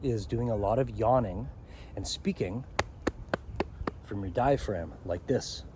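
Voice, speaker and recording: A man's voice: lowish voice, takes it slowly, background noise. A man giving a rambling vlog monologue outdoors by a pond, often checking in with "okay?". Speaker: self-help vlogger.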